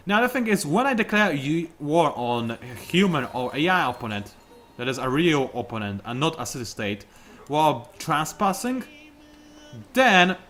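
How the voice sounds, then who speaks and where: A man's voice: fairly high pitch, fairly bright tone. A young man giving casual, self-mocking commentary while playing a strategy game, with sudden outbursts at his opponents. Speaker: gaming YouTuber.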